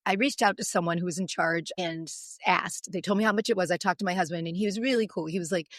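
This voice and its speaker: A woman in her forties, a podcast guest, telling a long, emotional story in an animated, long-winded way. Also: fairly low pitch, fast, hardly any pauses, dry recording, clean studio sound.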